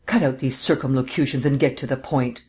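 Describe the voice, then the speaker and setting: A man's voice: mid-range voice, steady tone, brisk, a little mellow, close to an everyday voice. A man reading aloud as a brusque, skeptical male district attorney with an impatient, curt manner. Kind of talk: audiobook character reading.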